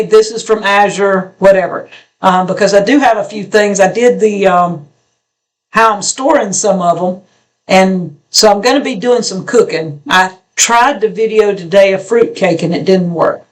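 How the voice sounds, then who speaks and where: A woman co-hosting a homestead channel, rambling in a folksy way through viewer comments with halting restarts. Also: medium pitch. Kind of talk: casual porch chat reading viewer comments.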